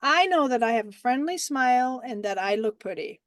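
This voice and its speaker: A woman's voice: high-pitched, brisk, no echo. Chatty German-accented woman coach. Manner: animated and chatty, many fillers like "like" and "right?". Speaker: mentorship group host. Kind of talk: casual coaching talk on a group call.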